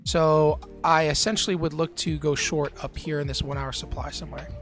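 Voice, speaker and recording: A man's voice: a little high, moderate pace. Easygoing male trading streamer, faint music. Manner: relaxed, filler-heavy, chatting with viewers while trading. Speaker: live-stream day trading host. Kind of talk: casual live-stream commentary.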